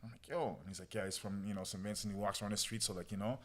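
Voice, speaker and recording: A young man tells a personal story as a podcast guest in loose, casual speech. His voice sits low, and his words tumble out fast. He leans on "bro" and "yo" and replays what he said back then. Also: fairly even intonation. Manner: slangy, peppered with "bro" and "yo"; relives moments through quoted self-talk.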